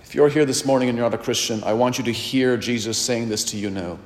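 A man's voice: mid-range voice, quick pace. A pastor preaching a sermon earnestly, speaking straight to his listeners and reading scripture aloud. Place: church. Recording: reverberant church hall.

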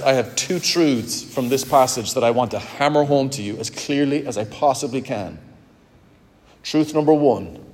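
Emphatic preacher in a reverberant hall. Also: male voice. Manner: emphatic, dramatic swings in pitch and loudness. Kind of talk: sermon.

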